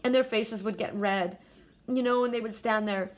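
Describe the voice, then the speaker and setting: A woman's voice: fairly high pitch, moderate pace. Chatty woman giving a spiritual card reading. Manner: chatty, laughs easily, talks straight to the viewer. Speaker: oracle card reader.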